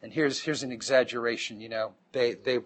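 A man's voice: mid-range voice, steady tone, brisk. A man teaching a Bible class, explaining step by step and checking in with the class as he goes. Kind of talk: classroom lecture.

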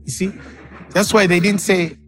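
A man's voice: sits high, little pitch movement, moderate pace, a bit bright, soft background music. A man preaching a sermon as pastor, acting out the people in his stories. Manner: dramatic, acts out quoted voices.

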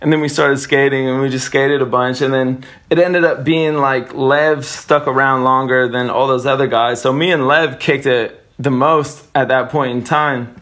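A man's voice: mid-range voice, fairly even intonation, moderate pace, hardly any pauses, fairly bright tone. A man telling stories in a casual interview, swearing freely and laughing often between lines. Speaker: guest skater.

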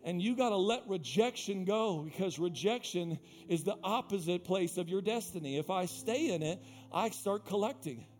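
A male pastor with a high, light voice delivers a fervent sermon in a church sanctuary. He calls members of the congregation by name and hammers his key lines through repetition, moving between quiet stretches and loud ones. Soft music plays faintly behind him. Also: animated, moderate pace, few pauses. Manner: impassioned, repetitive preaching that swings from hushed to loud; talks directly to the congregation by name. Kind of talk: live sermon.

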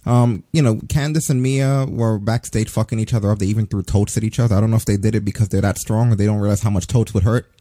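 Man in his forties, profane casual rant, quick delivery, dry close sound. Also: on the low side, no room sound. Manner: profane, ranting, animated. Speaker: podcast co-host. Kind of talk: casual wrestling review chat.

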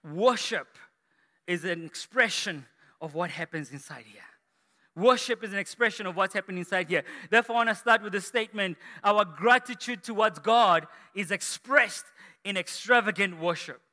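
High bright-voiced preacher in a hall. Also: male voice, normal speed. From South Africa. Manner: energetic preaching, rising to shouts. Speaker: pastor. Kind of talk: sermon. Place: large church hall. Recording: echoey church hall.

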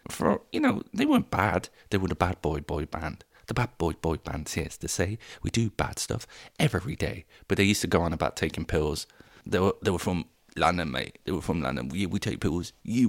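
A man's voice: low-pitched, creaky, no echo, clean studio sound. A man hosting a solo comedy podcast, rambling, self-deprecating and sweary, jumping between voices. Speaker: podcast host.

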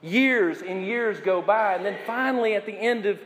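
A male pastor delivering a sermon, preaching in slow, emphatic phrases and putting questions to the congregation. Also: sits high, long reverb tail.

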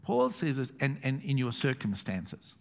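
A middle-aged South African man preaching a sermon as pastor, telling stories with chuckles and quiet emphatic asides. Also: mid-range voice, wildly swooping pitch, measured pace, creaky. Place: church hall. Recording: long hall reverb.

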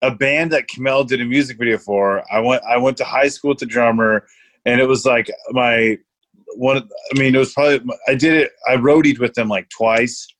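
A man's voice: medium pitch, fairly even intonation, normal speed, a bit bright. A young man in casual chat, rambling through a story with lots of swearing and laughter.

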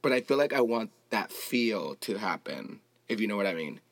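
A man's voice: on the low side, big pitch swings, moderate pace, dry recording. A man from Los Angeles hosting a casual solo podcast, chatty and rambling with playful asides. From Los Angeles, United States. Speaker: podcast host.

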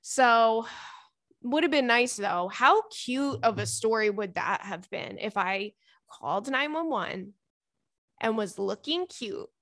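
A woman's voice: a little high, lively intonation, takes it slowly, fairly bright tone, no echo, clean studio sound. A young woman hosting a podcast in casual, chatty talk, reading listener emails aloud with lots of fillers and swearing. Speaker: podcast host.

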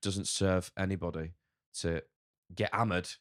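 A chef with a northern English accent talks frankly as a guest on a casual podcast, swearing a lot and rambling. His voice sits low with fairly even intonation and a measured pace, captured in a dry, studio-quality recording.

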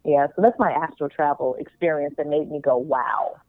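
A woman's voice: deep voice, moderate pace, no echo. A middle-aged woman guest in a casual interview, telling a vivid personal story and acting out what others thought. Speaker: guest, spiritual practitioner. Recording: tinny phone-like line.

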